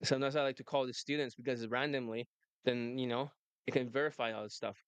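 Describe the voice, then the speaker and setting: A man's voice: medium pitch, steady tone, fast talker, clean tone, no room sound. A man working as a dating coach, talking in a brash, rambling way and laughing often. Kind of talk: casual monologue and phone chat.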